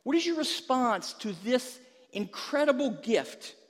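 A man's voice: extremely high pitch, very animated, unhurried, big-room sound. A male pastor preaching a sermon, telling a humorous story and then pressing an emphatic question to the listeners.

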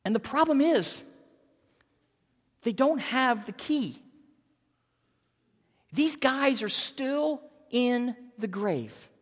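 A pastor in their fifties delivers a sermon with a lively voice that swings up and down. The delivery is earnest and animated, and words often get repeated. The sound carries a long reverb from a church hall. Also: medium pitch, extremely slow, pauses often. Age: 50s.

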